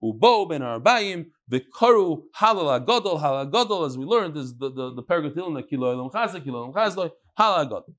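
Animated man teaching Gemara, fairly high voice. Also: fast. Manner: animated storytelling with Hebrew and Yiddish terms. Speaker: Talmud teacher. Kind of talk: informal Gemara class.

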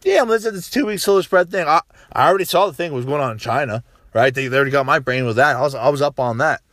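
A man delivering a profane, animated political rant, tagging his points with "right?" and restarting sentences. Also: a little high, rapid-fire, no room sound, clean studio sound. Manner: frequent "right?" tags and restarts. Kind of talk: casual political monologue.

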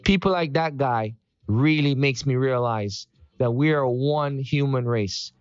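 A man's voice: mid-range voice, a little slow, clean tone, dry recording, lo-fi sound. A man giving an upbeat, preachy motivational morning talk to his followers. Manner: preachy and upbeat, with sung greetings.

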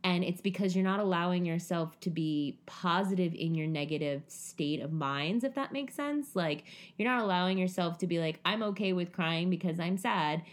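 A young woman co-hosting a casual chat, animated, her voice jumping high when she acts out what people say. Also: normal speed, few pauses. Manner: animated, swoops high when acting out quotes. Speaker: podcast co-host.

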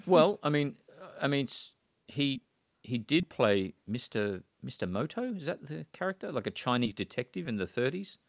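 A man's voice: medium pitch, very animated, normal speed, creaky, dry recording. A man in a casual film discussion, talking in a rambling way with many fillers and restarts.

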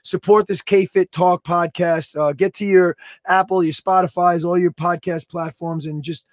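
A man's voice: sits high, fairly even intonation, unhurried, no echo, studio quality. A man co-hosting a fitness podcast over a video call, laid-back and joking, signing off with slangy catchphrases. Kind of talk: casual podcast chat.

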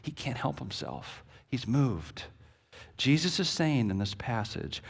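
A male pastor preaching a sermon and retelling a scene with vivid, animated storytelling. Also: medium pitch, slow pace, vocal fry, slightly rough. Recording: echoey hall with long reverb.

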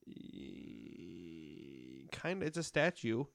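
A man co-hosting a casual podcast chat, playful and quick to laugh, sometimes putting himself down. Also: low-pitched, wildly swooping pitch, gravelly, a bit bright, no room sound. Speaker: podcast co-host.

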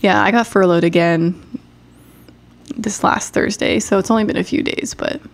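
A young woman with a stuffed-up nose, chatting loosely on a podcast. Her voice sits a little low and carries a gravelly fry. She rambles, restarts her sentences and laughs a lot. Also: fast talker. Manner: rambling, self-interrupting, laughs often. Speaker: podcast co-host. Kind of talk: casual chat.

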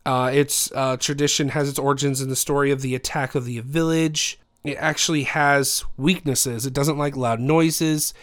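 A man's voice: mid-range voice, little pitch movement, normal speed, hardly any pauses. A man co-hosting a podcast in casual chat, teasing his friend, swearing freely and telling a story with lots of fillers. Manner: teasing, swears freely, laughs loudly when flustered. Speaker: podcast co-host.

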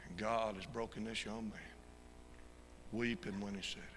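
A man preaching a fervent sermon as an evangelist, swinging from shouted peaks to quiet storytelling. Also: fairly low pitch, little pitch movement, normal speed. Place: church sanctuary. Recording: reverberant church hall with faint noise.

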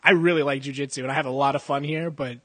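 A man's voice: medium pitch, steady tone, quick pace, sharp tone, dry recording. A young man co-hosting a podcast at a jiu-jitsu gym, telling rambling, profane stories in a casual chat and laughing often. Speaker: podcast co-host. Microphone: podcast mic.

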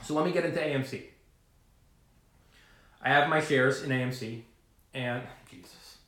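A man's voice: mid-range voice, normal speed. Rambling man in an echoey room. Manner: rambling, animated, swears casually. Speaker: retail investor vlogger. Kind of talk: casual talk to camera.

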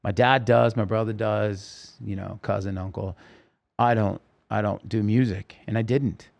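A man's voice: on the low side, fairly even intonation, measured pace, vocal fry, darkish tone. A man telling his life story as a podcast guest, acting out the voices of people he quotes. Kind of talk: storytelling interview. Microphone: podcast microphone.

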